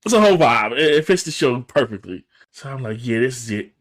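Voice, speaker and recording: Here a male co-host talks fast in a mid-range voice while casually going over a TV episode on a podcast. He plays out the characters' dialogue with lively, shifting voices.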